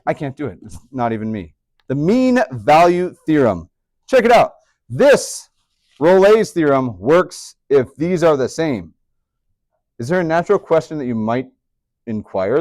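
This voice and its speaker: A man's voice: medium pitch, sing-song, normal speed, darkish tone, dry recording, clean studio sound. Male teacher, mid-range voice, chatty classroom lecture with playful asides. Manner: chatty, upbeat, joking asides to students. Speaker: high school math teacher.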